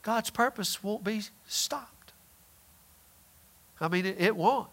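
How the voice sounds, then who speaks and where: High, bright-voiced man preaching emphatically. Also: takes it slowly. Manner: emphatic, swings between loud and hushed; acts out quoted voices in retelling. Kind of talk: sermon.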